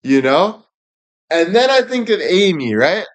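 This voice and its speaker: A man's voice: high-pitched, sing-song, a little slow. A young man hosting a casual livestream, rambling and joking crudely. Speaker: livestream host.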